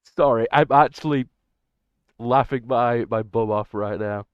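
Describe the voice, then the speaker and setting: A young man chatting excitably and rambling to his livestream chat. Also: mid-range voice, a little slow, clean tone, dry recording. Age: young adult. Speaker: streamer. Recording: dull lo-fi dry mic.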